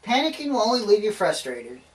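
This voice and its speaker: A man's voice: high voice, wildly swooping pitch, fairly quick, recorded from a distance, low-quality recording. A young man giving a demonstration speech to his class, talking in a folksy way with self-deprecating asides.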